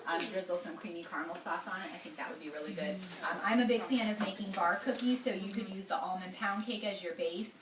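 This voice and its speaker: A woman's voice: lowish voice, fast, few pauses, a crowd in the background. A woman leading a product tasting meeting, talking casually with many ums in a friendly way. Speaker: meeting leader. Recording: echoey, distant, noisy room.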